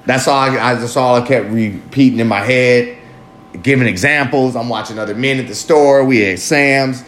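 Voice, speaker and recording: A man in a casual personal monologue, candid and rambling, swearing freely and jumping up in pitch for emphasis. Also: normal speed, a bit bright. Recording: echoey room with faint ambient noise.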